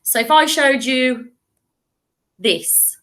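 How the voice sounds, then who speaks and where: An English woman, a primary school teacher, giving a recorded lesson to children, speaking clearly and encouragingly and modelling words for them to repeat. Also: high-pitched, very slow, sharp tone.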